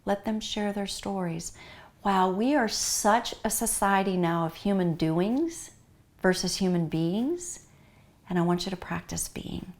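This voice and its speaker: A middle-aged woman with a North American accent gives an earnest, heartfelt talk to grieving pet owners, urging them again and again. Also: medium pitch. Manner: earnest, repetitive, warmly urging. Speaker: pet loss grief speaker.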